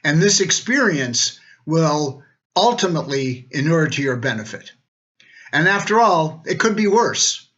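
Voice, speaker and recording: A man's voice: on the high side, sing-song, measured pace, fairly bright tone, muffled recording. An older man, a retired law dean, giving a wry, joking recorded greeting.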